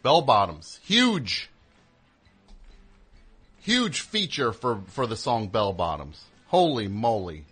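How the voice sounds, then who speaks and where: A man's voice: lowish voice, big pitch swings, takes it slowly, long pauses, fairly bright tone, slightly rough, faint music behind. A man hosting a radio show, rambling and joking, interrupting himself as he talks into a studio mic. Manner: rambling, jokey, self-interrupting. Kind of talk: casual radio monologue.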